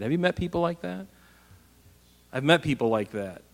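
A pastor preaching a casual, animated Bible-teaching sermon, asking his listeners rhetorical questions. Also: fairly high pitch, normal speed, vocal fry, long reverb tail.

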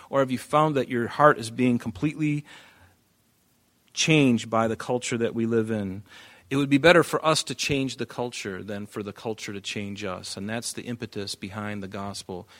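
A man with a fairly low voice preaches an expository sermon. He reads scripture aloud and drives his points home with emphatic rises and drops in volume.

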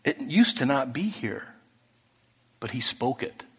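A man preaching a sermon, talking through the text in a conversational way that moves from hushed to emphatic. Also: mid-range voice, sing-song, a little slow, breathy edge. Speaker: pastor. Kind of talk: expository sermon. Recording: echoey hall with long reverb.

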